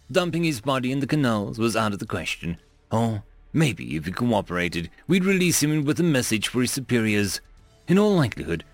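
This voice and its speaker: A man reading a story aloud as the narrator, in an expressive, dramatic manner. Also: medium pitch, no room sound.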